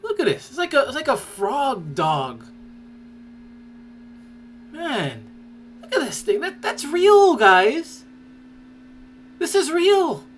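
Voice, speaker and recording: A woman's voice: sits high, big pitch swings, takes it slowly, long pauses, a little hiss or hum. A woman hosting a podcast, giving casual reaction commentary in a mocking, exclaiming way and laughing in disgust. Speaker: podcast host.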